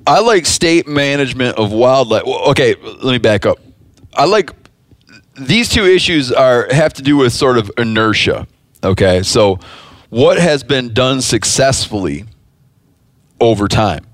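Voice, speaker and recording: Male podcast host, mid-pitched, loose rambling delivery with restarts, dry close mic. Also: lively intonation, a little slow, dry recording. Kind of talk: casual podcast talk.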